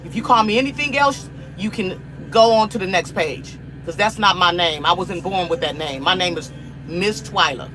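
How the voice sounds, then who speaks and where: A woman's voice: on the low side, normal speed, noisy background. A middle-aged woman from the United States, hosting a cooking live stream and talking to viewers in an emphatic, repetitive, preachy way. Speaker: livestream cooking host.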